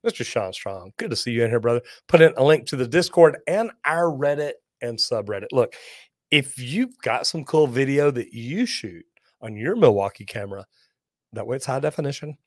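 A man hosts a live plumbing question-and-answer show, spinning lively folksy stories and cracking jokes between viewer comments. His voice sits in a mid range and is recorded close and dry, with no room sound around it. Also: mid-range voice, normal speed, dry recording. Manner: lively storyteller, folksy and joking.

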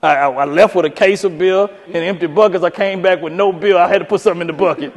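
Man, high voice, animated storytelling keynote, long hall echo. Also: quick pace. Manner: animated, acts out voices with high falsetto for women. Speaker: keynote speaker. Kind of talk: storytelling speech.

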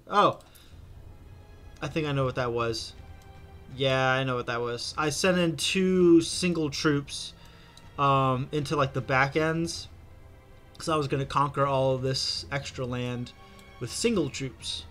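Young male gaming host, rambling casual commentary, mid-pitched voice, faint music under it. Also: steady tone, measured pace, fairly bright tone. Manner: chatty, rambling, with many fillers and restarts. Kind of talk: casual strategy game commentary.

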